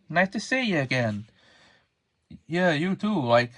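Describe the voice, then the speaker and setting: Slow, rambling man in character banter. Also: on the high side, very animated, fairly bright tone. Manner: rambling, self-aware asides. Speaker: voice actor for a fan model-train series.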